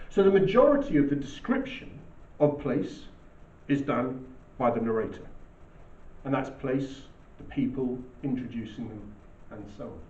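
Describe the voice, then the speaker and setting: A male teacher giving an English lesson in a measured, explanatory way. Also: on the high side. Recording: roomy, distant, dull recording.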